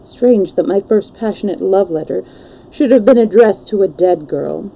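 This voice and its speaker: A woman reading the part of an impulsive, anguished young English gentleman in a storybook, with emotional, pleading delivery. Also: mid-range voice, normal speed, creaky, low-quality recording. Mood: wistful.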